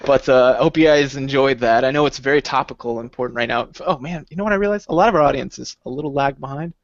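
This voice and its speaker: A man co-hosting a podcast in casual chat, animated and rambling, laughing a lot. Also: medium pitch, fast, dry recording. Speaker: podcast co-host. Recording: dull lo-fi sound.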